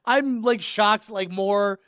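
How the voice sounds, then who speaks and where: A young man co-hosting a casual podcast chat, excitable and loud, laughing often. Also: sits high, slow, a little hiss or hum. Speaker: podcast co-host.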